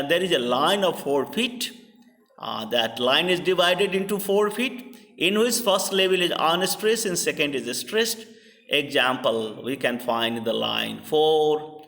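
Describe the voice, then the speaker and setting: A man with an Indian English accent lectures slowly and haltingly, filling pauses with "uh" as he works through his points. His voice is bright and fairly high, carrying a long reverb as if heard from across a big hall. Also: distant mic. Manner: hesitant, many fillers and restarts. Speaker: literature lecturer. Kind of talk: classroom lecture.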